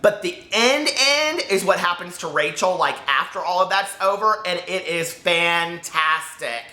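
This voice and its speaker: A man reviewing a book in a rambling, excitable, casual chat, often cutting himself off mid-sentence. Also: high voice, unhurried. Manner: rambling, excitable, self-interrupting. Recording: echoey room.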